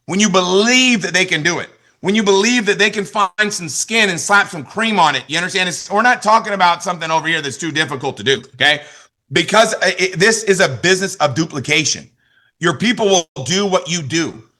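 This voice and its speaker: Forceful, emphatic man coaching a sales team. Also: sits high. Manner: emphatic, repeats key lines, asks "you understand?". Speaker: network marketing trainer. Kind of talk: motivational business training talk.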